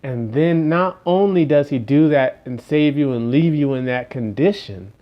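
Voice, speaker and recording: A male preacher tells a parable as a sermon in a mid-range voice. He is dramatic, stretching words slowly and falling to a near hush to drive points home. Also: medium pitch, lo-fi sound. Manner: dramatic, slows and drops to a hush for emphasis. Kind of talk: storytelling sermon.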